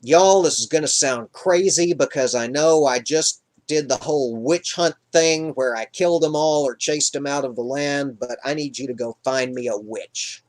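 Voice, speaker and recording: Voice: mid-range voice, moderate pace, few pauses, natural voice. Narrator doing a desperate pleading king. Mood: sheepish. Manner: pleading, sheepish. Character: desperate sneaky male king. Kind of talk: improvised comic Bible retelling.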